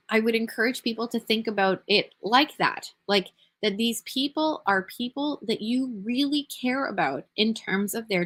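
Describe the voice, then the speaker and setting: Earnest, bright-voiced woman business coach. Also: fairly high pitch. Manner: earnest, emphatic, talks fast. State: tired. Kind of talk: motivational talk to camera.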